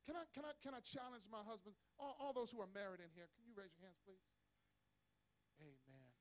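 A man preaching a sermon as pastor to his congregation, repeating words for stress and rising into shouting. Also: high voice, fairly quick. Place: church service with congregation.

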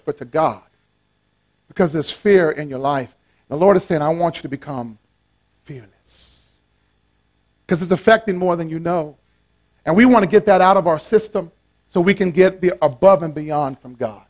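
Man, pastor, sermon, high voice, playful, animated, call-and-response.

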